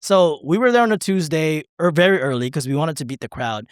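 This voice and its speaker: A man's voice: fairly high pitch, expressive, a little fast, clean tone, no room sound, clean studio sound. A man co-hosting a podcast, telling a rambling story in casual chat, swearing, laughing and acting out what people said. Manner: rambling, profane, laughing, acts out quotes. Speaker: podcast co-host.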